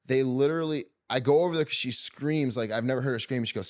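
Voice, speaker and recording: A man's voice: mid-range voice, fast, hardly any pauses, a little mellow. A man hosting a podcast, telling a story in a loose, joking casual chat. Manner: loose and joking, heavy use of "like". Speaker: podcast host.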